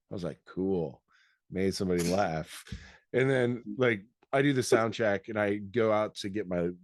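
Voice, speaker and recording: A man's voice: on the low side, no echo, clean studio sound. A man from Michigan, co-host of a podcast, telling a rambling anecdote in casual chat and acting out the quotes.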